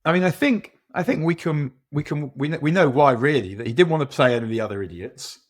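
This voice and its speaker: A man's voice: fairly high pitch, expressive, fast. Rambling man chatting football. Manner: rambling, self-mocking, restarts often. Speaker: podcast co-host. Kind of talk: casual football chat.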